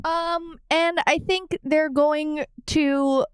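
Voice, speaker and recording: A woman co-hosting a podcast in casual chat, chatty, repeating herself and laughing quickly. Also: high voice, fairly even intonation, dry recording, studio quality. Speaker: podcast co-host.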